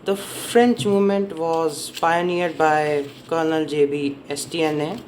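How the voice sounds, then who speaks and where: A man's voice: fairly high pitch, fairly even intonation, slow pace, slight background noise, low-quality recording. A man giving a casual spoken summary of a history book, rambling and often correcting himself as he stumbles over names and dates. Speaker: book reviewer.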